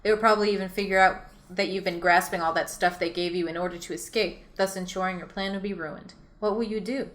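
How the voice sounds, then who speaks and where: Fast-reading woman narrating an adventure. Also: lowish voice, steady tone, fairly bright tone. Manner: rapid reading, often breaking into laughter at her own lines. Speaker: host and storyteller. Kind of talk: reading her own choose-your-own-adventure story aloud.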